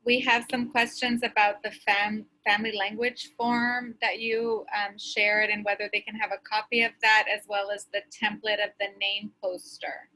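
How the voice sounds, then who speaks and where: A woman moderating a webinar, reading out audience questions in an even, steady way. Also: mid-range voice, normal speed, few pauses, low-quality recording.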